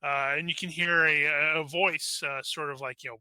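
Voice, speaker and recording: Bright-voiced game master narrating. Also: male voice, fairly high pitch, fairly even intonation, normal speed, smooth, dry recording. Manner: loose, rambling with many fillers.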